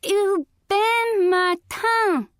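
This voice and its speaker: A woman voicing a mean, greedy male coyote in a storybook read-aloud, squeaking in a put-on granny voice. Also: expressive, slow, no echo, clean studio sound, exaggerated voice. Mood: wailing.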